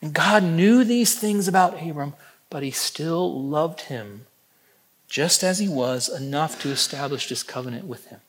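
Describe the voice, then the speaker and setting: A man preaching with a voice pitched well above most men's. He builds points through loud, emphatic repetition, then lets lines fall to a soft hush. Personal stories run through the sermon. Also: expressive, a little slow. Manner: storytelling, personal anecdotes. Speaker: pastor.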